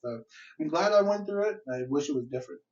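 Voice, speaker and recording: A man's voice: high-pitched, lively intonation, quick pace, darkish tone, recorded from a distance. A young man hosting a podcast in casual chat, laid-back, laughing often and swearing casually. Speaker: podcast host. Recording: dull lo-fi podcast audio.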